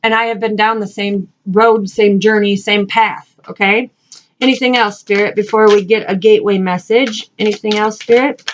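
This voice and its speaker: A woman reading spiritual messages, earnest and repetitive, speaking encouragingly and asking spirit questions out loud. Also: mid-range voice, fairly even intonation, normal speed, muffled recording, a little hiss or hum. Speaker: spiritual reader and channel host. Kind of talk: casual spiritual card-reading talk.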